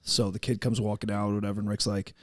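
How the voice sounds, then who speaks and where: A man's voice: fairly low pitch, little pitch movement, quick pace, no room sound, clean studio sound. A young man, telling a story on a podcast and acting out the voices of the people in it, swearing freely. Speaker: podcast co-host. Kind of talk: casual storytelling chat.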